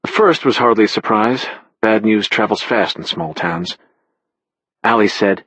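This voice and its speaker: A man narrating a thriller audiobook in the first person, in a measured, matter-of-fact way. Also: lowish voice, a bit bright, breathy edge, dry recording, poor audio.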